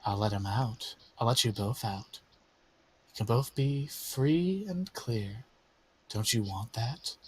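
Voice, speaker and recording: A man voicing a sinister female spirit who tempts and taunts in a soft, coaxing voice. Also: medium pitch, expressive, takes it slowly, slightly rough, voice pushed down. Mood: coaxing menace.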